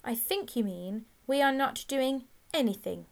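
A woman's voice: sits high, expressive, a little slow, gravelly, a little mellow, voice pushed up, exaggerated voice. Woman voicing a stern schoolteacher. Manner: stern, teacherly, correcting. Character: stern male schoolteacher, cold and sarcastic. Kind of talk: audiobook character voice.

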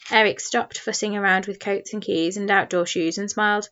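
A woman narrating a children's storybook in a steady, expressive way. Her voice sits in a middle pitch, and the recording sounds a little muffled and dull. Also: moderate pace, few pauses. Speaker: audiobook narrator.

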